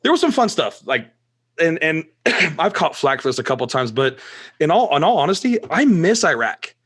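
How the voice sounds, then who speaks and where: A man's voice: on the high side, very animated, moderate pace, a bit bright. A man who drives a delivery truck, chatting casually as a podcast guest and telling stories in a laid-back way with lots of fillers. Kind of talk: casual chat.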